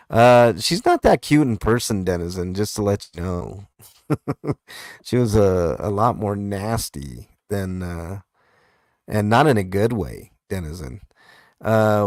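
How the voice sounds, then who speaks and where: A man with a lowish voice hosts a relaxed comment-reading show, drifting through fillers and little laughs as he goes. The sound is dry and close, with no room around it. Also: dry recording. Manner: laid-back, hesitant, lots of fillers and chuckles. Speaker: host reading viewer comments. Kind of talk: casual live comment show chat.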